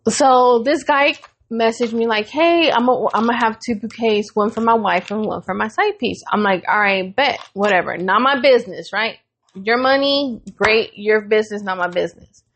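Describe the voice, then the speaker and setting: Animated, swearing woman podcast co-host. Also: on the high side, normal speed. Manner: animated storyteller, swears freely, acts out quoted voices. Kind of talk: casual chat.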